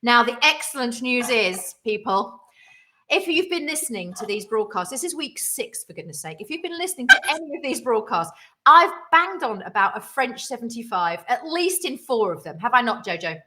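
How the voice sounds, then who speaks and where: A woman's voice: fairly high pitch, big pitch swings, normal speed, sharp tone. A woman co-hosting a cocktail livestream, chatting in a bubbly, rambling, self-mocking way as she mixes drinks. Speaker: co-host of a gin cocktail livestream. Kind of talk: casual chat while mixing cocktails.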